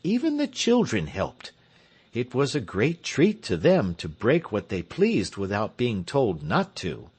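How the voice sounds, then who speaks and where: A man reads an audiobook as scripted narration, telling the story in an expressive way. His pace is slow and deliberate. His pitch rises and falls widely. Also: breathy edge.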